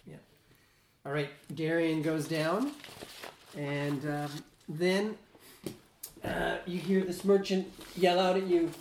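Slow gm narrating a tabletop game, echoey room, noisy background. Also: mid-range voice, level tone, darkish tone. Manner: measured, narrating with fillers. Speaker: game master.

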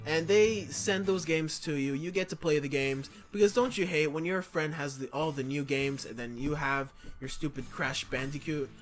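A man's voice: fairly high pitch, moderate pace, few pauses, soft background music. A man hosting a casual podcast, reading the sponsor ads in a goofy, jokey way and stumbling over web addresses. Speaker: podcast host.

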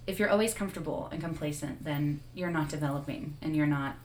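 A woman guest on a radio talk show, speaking earnestly in a halting way with frequent restarts. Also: sits low, darkish tone, reverberant, slight background noise. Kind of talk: casual conversation.

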